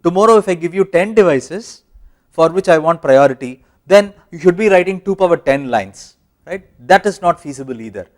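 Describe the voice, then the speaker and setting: A man's voice: on the high side, expressive, moderate pace. A man with an Indian English accent giving a university lecture, explaining step by step with fillers and self-corrections.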